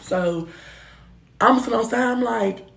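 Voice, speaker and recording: A young woman telling a casual storytime, animated and slangy, swearing freely and jumping between loud bursts and muttered asides. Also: on the high side, unhurried, gravelly. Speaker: storytime vlogger.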